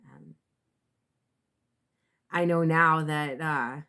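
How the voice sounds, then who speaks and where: Slow, low-voiced woman talking haltingly. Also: fairly even intonation, sharp tone, smooth. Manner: halting, many fillers and restarts. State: emotional, near tears. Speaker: tarot reader. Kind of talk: casual talk to camera.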